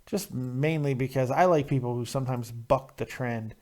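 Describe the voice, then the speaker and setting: A man's voice: medium pitch, moderate pace, darkish tone. A man hosting a call-in wrestling show, ranting crudely and sarcastically about the matches. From Nevada, USA. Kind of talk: profane call-in wrestling commentary.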